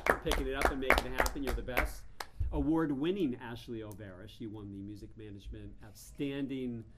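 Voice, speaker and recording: A man's voice: medium pitch, a little fast. A man co-hosting a radio show, joking and thanking his guests in casual chat. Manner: jokey, effusive, thanks guests.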